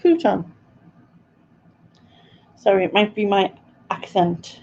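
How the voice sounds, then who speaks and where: Woman running a live quiz, slow and giggly, dull lo-fi stream sound with a faint hum. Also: medium pitch, mellow. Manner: chatty, giggly, reads out viewers' answers. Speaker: quiz host.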